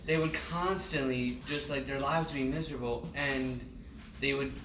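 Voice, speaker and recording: A man's voice: mid-range voice, steady tone, normal speed. Hesitant young man, distant and echoey. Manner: hesitant, many "like" fillers and restarts. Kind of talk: casual testimony. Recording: distant echoey room with background noise.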